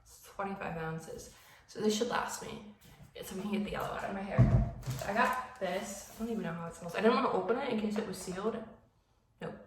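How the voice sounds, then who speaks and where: A woman's voice: medium pitch, brisk, over a noisy crowd. A woman in her twenties chatting casually in a vlog, rambling and filling her talk with "like". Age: 20s. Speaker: vlogger.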